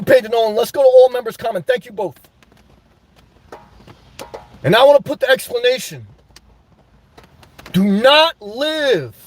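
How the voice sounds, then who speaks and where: Worked up and sweating, a livestream host rants emphatically about his life and gives shout-outs to his supporters. His voice is extremely high-pitched, with no echo.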